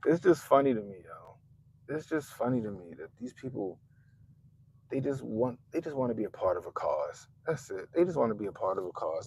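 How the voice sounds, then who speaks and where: A man hosting a profane political commentary rant, mocking and animated, with sudden loud jumps and muttered asides. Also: lowish voice, fairly quick, breathy edge. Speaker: commentary channel host.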